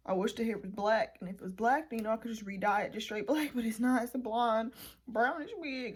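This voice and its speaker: Talking a little fast in a slightly high, slightly rough voice with a steady tone, a woman nervously chats to herself and her viewers. It's a casual beauty vlog at home, picked up by a nearby camera.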